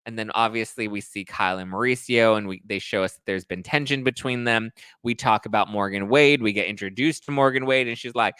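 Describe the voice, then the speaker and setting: A man's voice: mid-range voice, a little fast, fairly bright tone, clear, resonant tone, no room sound. A man hosting a pop culture podcast, recapping reality TV gossip in a campy, sassy way and acting out catty impressions.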